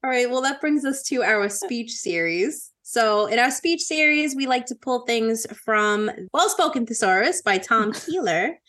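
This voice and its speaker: A woman's voice: on the high side, expressive, a little slow, hardly any pauses, a bit bright. A woman co-hosting a casual podcast, upbeat and laughing often as she leads each segment. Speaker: podcast co-host.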